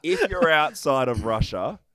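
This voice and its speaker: A man's voice: medium pitch, big pitch swings, a little slow, pushed and bright, dry recording. An Australian man co-hosting a podcast, chatting casually, rambling, swearing freely and laughing often. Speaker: podcast co-host. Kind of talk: casual chat.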